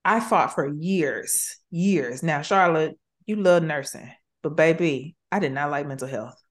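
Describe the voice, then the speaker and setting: Woman host, deep low voice, expressive chatty faith talk. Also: unhurried. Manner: warm, expressive, uses 'sis' and 'baby'. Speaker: podcast host, therapist. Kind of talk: casual faith chat.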